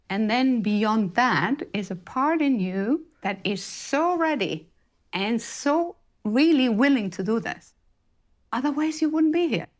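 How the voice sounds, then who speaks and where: A woman facilitating a group healing session, speaking in a gentle, reassuring way as she guides people through each step. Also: medium pitch. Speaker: workshop facilitator.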